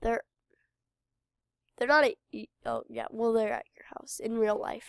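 A woman's voice: on the high side, sing-song, a little slow, no room sound, clean studio sound. Chatty woman with a stuffy cold. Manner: chatty, rambling, talks to viewers. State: congested with a cold. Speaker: game channel host. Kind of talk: casual gameplay commentary.

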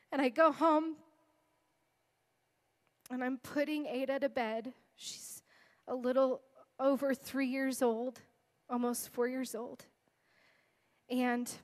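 A woman in her thirties giving an earnest, emotional testimony as a guest speaker in a sermon. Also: high voice. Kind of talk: sermon storytelling.

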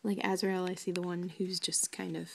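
A woman chatting casually and excitedly, giggling and drifting into soft whispers. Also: lowish voice, moderate pace, creaky, a little hiss or hum. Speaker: doll maker vlogger. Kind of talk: casual chat.

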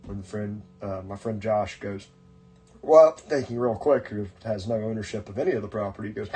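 A man's voice: fairly low pitch, normal speed, mellow, soft background music. Rambling man telling a long story. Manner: rambling, with many fillers and restarts. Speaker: podcast host. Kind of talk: casual storytelling chat.

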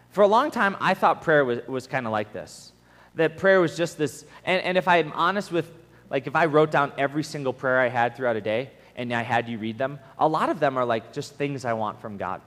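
A man giving a conversational sermon at a camp, telling stories in an animated way and acting out the voices he quotes. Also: mid-range voice, fairly quick. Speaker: camp speaker, preacher. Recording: long hall reverb.

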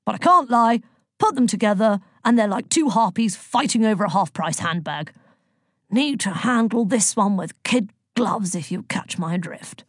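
A woman's voice: mid-range voice, animated, moderate pace, slightly rough, dry recording, studio quality. A woman voicing a chatty, jovial older male god who rambles and teases, in an audiobook. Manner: hearty, rambling, teasing. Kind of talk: audiobook character voice.

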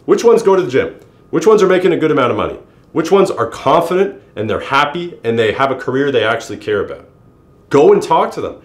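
A man's voice: fast, reverberant. A young man giving blunt life advice to the camera, swearing and calling the listener bro. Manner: brash, swearing, calls listener "bro", lively pitch jumps. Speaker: YouTuber giving self-improvement advice. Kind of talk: casual direct-to-camera advice monologue.

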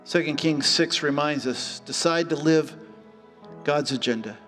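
Animated male pastor in a reverberant church. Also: fairly high pitch, unhurried. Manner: animated storytelling, acting out voices. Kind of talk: sermon. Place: church hall. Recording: church hall reverb with faint music.

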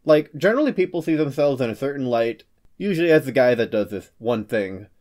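A man's voice: medium pitch, lively intonation, darkish tone. Playful man hosting a scripted explainer. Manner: playful, breaks into quick comic character voices. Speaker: host of a personality-psychology channel. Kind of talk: scripted explainer with joking asides.

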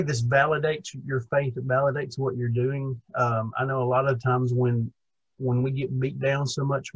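A young male minister with a husky, slightly breathy voice at an ordinary pitch. He talks through the lesson casually, circling back and restarting as he gathers his thoughts. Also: lo-fi sound. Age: young adult. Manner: rambling, many restarts, chuckles. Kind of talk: conversational Bible lesson.

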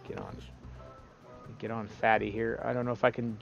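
A man's voice: on the low side, wildly swooping pitch, moderate pace, creaky, highs cut off, faint music behind. A man giving casual, profane gameplay commentary as a streamer, exasperated and talking to the game. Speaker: let's play streamer.

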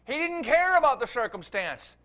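A middle-aged man preaching a revival sermon, swinging from quiet asides to loud emphatic preaching. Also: extremely high pitch, big pitch swings, normal speed.

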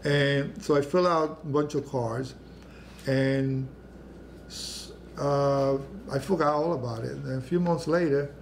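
Older man with a gravelly voice. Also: mid-range voice, steady tone, a little hiss or hum. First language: Spanish. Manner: halting, many restarts, acts out quoted voices. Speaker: oral history panelist. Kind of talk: personal storytelling.

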